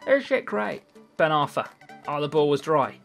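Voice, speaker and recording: Excitable gamer man, sweary commentary. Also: fairly high pitch, moderate pace, creaky, faint music behind. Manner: excitable, swears freely, swings between mumbling and shouting. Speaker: gaming YouTuber. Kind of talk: live gameplay commentary.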